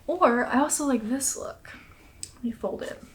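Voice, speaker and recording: A woman's voice: sits high, moderate pace. A young woman hosting a knitting podcast, chatting casually, laughing often and a little out of breath. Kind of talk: casual chat.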